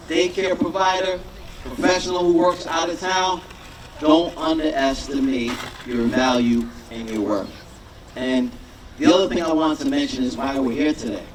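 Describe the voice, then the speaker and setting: A man giving a rousing rally speech outdoors, repeating lines and leading the crowd in a chant. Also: mid-range voice. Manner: rousing, repetitive, leads a call-and-response chant. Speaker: rally speaker, city councilor. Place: outdoor sports field rally. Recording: distant mic with crowd noise.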